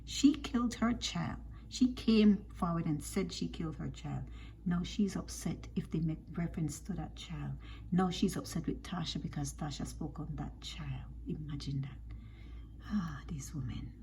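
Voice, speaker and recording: A woman commenting on a reality show, scolding and animated, firing off rhetorical questions. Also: deep voice, moderate pace, vocal fry, slight background noise.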